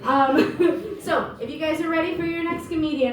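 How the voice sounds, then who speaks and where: A woman's voice: very high-pitched, normal speed, a crowd in the background. A woman hosting a pub comedy night, introducing the next act with hesitant ums. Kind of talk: stage introduction. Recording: echoey pub room, far mic.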